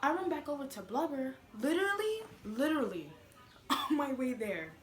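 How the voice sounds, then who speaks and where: High-voiced sassy young woman telling a story. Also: moderate pace. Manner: animated, sassy, lots of fillers. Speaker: vlogger. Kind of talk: casual storytime. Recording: echoey room with noise.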